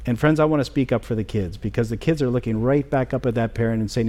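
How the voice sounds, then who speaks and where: A middle-aged man preaching a sermon as pastor in a church, earnest and halting, with many fillers and restarts. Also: mid-range voice, dark tone. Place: church sanctuary.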